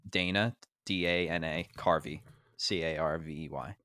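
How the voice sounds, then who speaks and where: A young man in his twenties co-hosts a podcast in casual chat, rambling through stories with lots of fillers and frequent laughter. His very deep voice is bright and forceful, moving at a moderate pace, with no room sound.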